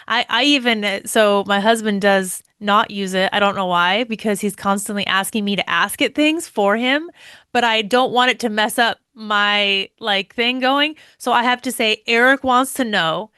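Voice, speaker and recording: A woman co-hosting a podcast in casual chat, talking in quick bursts with many fillers and restarts. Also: mid-range voice, pushed and bright, clean tone, no room sound, clean studio sound. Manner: chatty, many fillers and restarts, laughs often. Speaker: podcast co-host.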